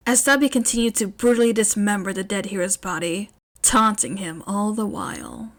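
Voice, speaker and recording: Lady narrating fanfic out loud, lively expressive read, chatty bits at the end. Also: medium pitch, moderate pace. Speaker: podfic reader. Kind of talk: fan fiction podfic narration.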